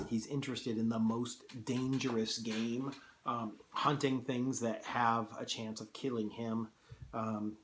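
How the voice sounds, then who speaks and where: A man reading a story aloud as a teacher, expressively, and breaking off for quick, casual explanatory asides. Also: mid-range voice, a bit bright. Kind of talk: read-aloud with analysis.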